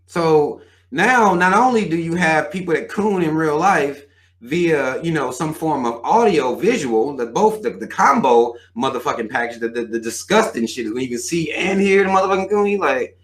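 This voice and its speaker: A man's voice: fairly high pitch, animated, normal speed, a bit bright. A man in his thirties hosting a live show, ranting bluntly and with plenty of profanity. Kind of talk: livestream rant.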